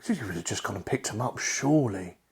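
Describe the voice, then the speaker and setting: A man's voice: fairly low pitch, expressive, fast, a little hiss or hum. A man co-hosting a podcast, chiming in with blunt, teasing and sweary remarks. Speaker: podcast co-host. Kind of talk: casual chat.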